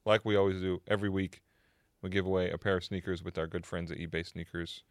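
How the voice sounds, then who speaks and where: A very deep-voiced man talks quickly in casual podcast chat, laughing easily and running through a giveaway announcement. The sound is dry and close to the mic. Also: little pitch movement, no room sound. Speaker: podcast co-host.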